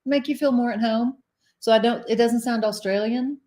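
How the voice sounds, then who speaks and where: A woman's voice: on the high side, fairly even intonation, moderate pace, mellow. A middle-aged woman, co-hosting a cruise vlog live stream. She chats casually, laughs often and reads viewer comments aloud. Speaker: cruise vlogger co-host.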